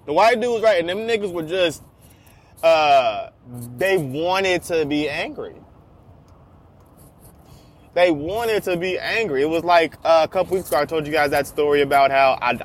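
A young man telling a story in a casual, profane, animated rant, repeating himself a lot. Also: sits high.

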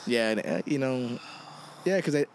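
A man's voice: mid-range voice, expressive, normal speed, a little hiss or hum. A man co-hosting a casual podcast, rambling with lots of fillers and laughing along easily. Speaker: podcast co-host.

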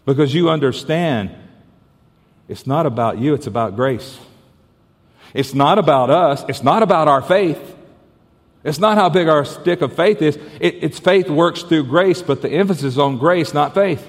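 A man's voice: fairly high pitch, moderate pace. A male pastor preaching a sermon, telling stories with stammered restarts and playful asides. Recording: hall reverb.

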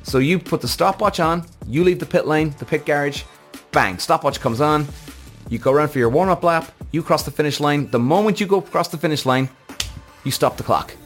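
A man's voice: on the high side, a little fast, faint music behind. A man hosting a motorsport reaction vlog, ranting in a heated, profane, exasperated way. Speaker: F1 reaction show host.

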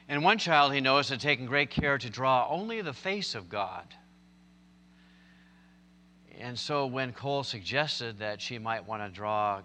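A man's voice: medium pitch, sharp tone, long reverb tail, slight background noise. A man preaching a sermon, telling stories and building to emphatic, impassioned points. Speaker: pastor.

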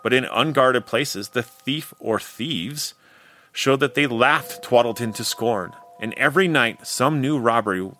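A man narrating a Victorian ghost story in a measured, expressive storytelling manner. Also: mid-range voice, a little hiss or hum.

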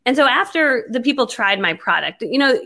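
Lively storytelling woman, fairly high voice. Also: brisk. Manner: lively, acts out her own past lines. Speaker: network marketing entrepreneur. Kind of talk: animated storytelling in conversation.

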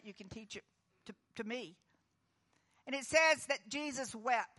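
Bright-voiced woman pastor preaching. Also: a little high. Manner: earnest, comforting, moves between hushed and emphatic. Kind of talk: sermon.

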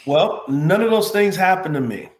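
A man's voice: sits high, expressive, normal speed, slight background noise. A man, a former pro football player, earnestly recounting a personal story as an interview guest. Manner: earnest, heartfelt, reflective. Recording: roomy echo.

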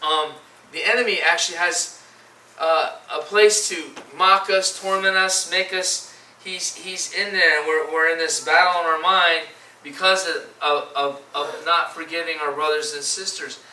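Male preacher, slightly high voice, halting and repetitive, recorded from a distance. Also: fairly even intonation, sharp tone, a little hiss or hum. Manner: halting, repeats words, reads scripture in old-style phrasing. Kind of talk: sermon. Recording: echoey room from far off.

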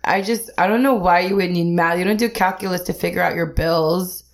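A woman's voice: on the low side, fairly quick, creaky. Giggly young woman hosting a podcast. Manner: giggly, teasing. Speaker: podcast host. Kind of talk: casual chat.

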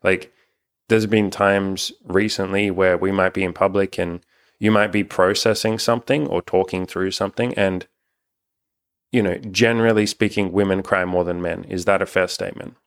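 Low-voiced, frank, swearing young man. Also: fairly even intonation, moderate pace. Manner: rambling, frank, swears often. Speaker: relationship coach and channel host. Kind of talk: casual couple's chat on camera.

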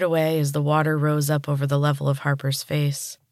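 A woman podcast host reading a story aloud in calm, even narration. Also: low-pitched, fairly quick, hardly any pauses, no echo, studio quality.

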